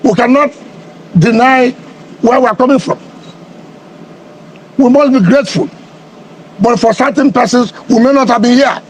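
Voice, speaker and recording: A man's voice: very high voice, moderate pace, long pauses, a little hiss or hum. A middle-aged man from Nigeria, a politician answering in a heated media interview, combative and repeating his questions for emphasis.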